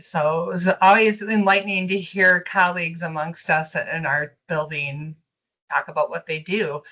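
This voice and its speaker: A woman's voice: on the low side, pushed and bright, poor audio. A woman presenting school nutrition programs in an online meeting, friendly and explanatory. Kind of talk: webinar presentation.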